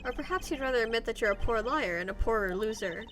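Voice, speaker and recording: A woman's voice: a little high, lively intonation, quick pace, over music, close to an everyday voice. A woman voicing a confident young male defense lawyer in a courtroom game, speaking in a pointed, cutting way.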